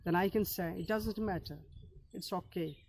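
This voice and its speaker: A man teaching an English lesson, speaking slowly and deliberately and modeling phrases for learners to repeat. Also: high-pitched, vocal fry, slight background noise.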